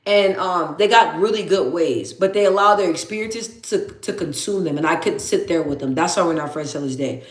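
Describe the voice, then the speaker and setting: A woman's voice: lowish voice, a little fast, hardly any pauses. A woman hosting a casual livestream, talking candidly to viewers, reading their comments aloud and repeating phrases for emphasis. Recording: echoey room.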